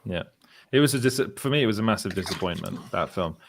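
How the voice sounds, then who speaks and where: A man's voice: lowish voice, expressive, fast talker, creaky, slight background noise. A man hosting a casual podcast chat about films, rambling, restarting sentences and laughing often. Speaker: host.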